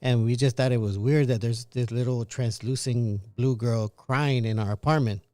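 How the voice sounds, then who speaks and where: A man casually recounting a childhood experience, halting and restarting as he goes. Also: mid-range voice, fairly even intonation, dark tone, no echo, studio quality. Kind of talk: casual storytelling.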